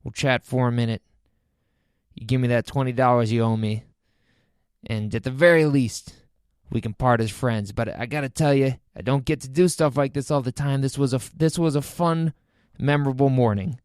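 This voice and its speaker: A man's voice: medium pitch, moderate pace, darkish tone, clear, resonant tone, no echo, studio quality, lightly acted. A man voicing an eccentric, cheerful seventy-year-old man in a friendly, matter-of-fact way while telling a story.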